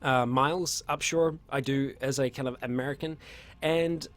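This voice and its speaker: A young man hosts a relaxed viewer Q&A, answering one question after another. He rambles in a friendly way, often trailing off, restarting and filling gaps with um and uh. His voice sits at an ordinary middle pitch. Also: moderate pace, soft background music. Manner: chatty, rambling, frequent fillers and restarts. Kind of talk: casual livestream Q&A.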